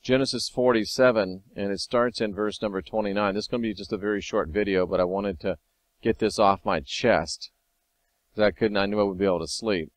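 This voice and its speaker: A man hosting a casual video monologue, talking wryly and sometimes excitedly as he reads and comments on scripture. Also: fairly low pitch, a little fast, dry recording. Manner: conversational, wry, sometimes excited. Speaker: video host.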